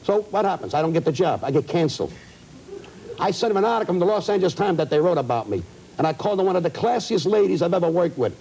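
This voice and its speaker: The poor old broadcast audio carries a little hiss or hum. Through it, a man with a high, mellow voice and lively intonation plays comedian guest, delivering indignant, rapid-fire rants in a heated talk show interview.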